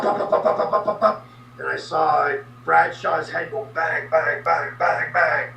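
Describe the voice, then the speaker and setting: Male guest storyteller, very gravelly and pitched a bit high, heard from across a roomy space. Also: far from the mic, a little hiss or hum. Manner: animated anecdote teller with sound effects. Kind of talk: storytelling in a podcast interview.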